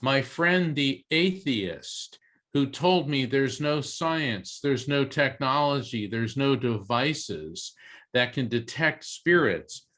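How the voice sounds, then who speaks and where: An earnest man who grew up on the Florida coast tells a personal story as an interview guest. His voice sits at an ordinary middle pitch. He briefly acts out the voices of the people in his story. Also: lively intonation, takes it slowly, fairly bright tone. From East Coast Florida. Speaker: interview guest, psychic medium and author.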